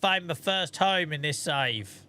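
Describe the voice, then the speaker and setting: A man's voice: a little high, expressive, measured pace, sharp tone. A man chatting casually on a live stream while he plays a game, thanking viewers and muttering asides to himself.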